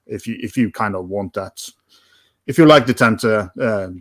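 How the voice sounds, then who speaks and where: A man co-hosting a podcast, chatting casually and hesitantly, pausing to search for words. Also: lowish voice, no room sound, clean studio sound. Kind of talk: casual chat.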